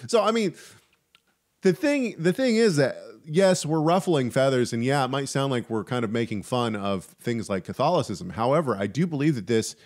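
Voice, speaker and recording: A man's voice: medium pitch, animated, moderate pace. A man co-hosting a podcast in casual theological chat. He rambles, restarts sentences and drops joking asides. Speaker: podcast co-host.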